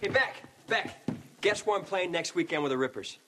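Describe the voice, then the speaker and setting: Sitcom husband, playful, smooth talker, loud background noise. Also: male voice, high voice, lively intonation, moderate pace. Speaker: musician uncle and husband in a sitcom. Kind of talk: sitcom acting.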